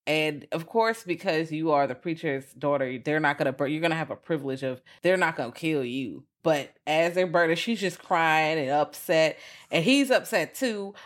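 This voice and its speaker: A woman co-hosting a podcast, chatting casually about a film, swearing freely and acting out characters with big jumps in voice. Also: normal speed. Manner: profane, animated, acts out characters with big pitch jumps. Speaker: podcast co-host. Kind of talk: casual chat reviewing a film.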